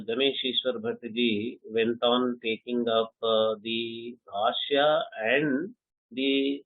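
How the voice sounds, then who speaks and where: A man's voice: mid-range voice, no echo. A man summarizing a scholarly lecture, explaining step by step with frequent hesitations. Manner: hesitant, many uh fillers, measured explanations. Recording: dry phone-like line.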